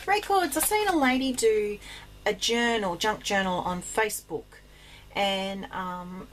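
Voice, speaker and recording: A chatty Australian woman rambling through a casual craft vlog, stopping for ums and jumping up in pitch when something excites her. Her voice sits at a middle pitch, and a faint hiss runs under it. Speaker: craft vlogger.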